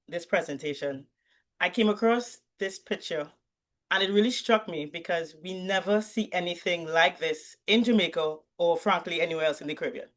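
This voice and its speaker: Woman, academic presenter, clear explanatory delivery, video call audio. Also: lowish voice. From Trinidad and Tobago. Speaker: university lecturer presenting research.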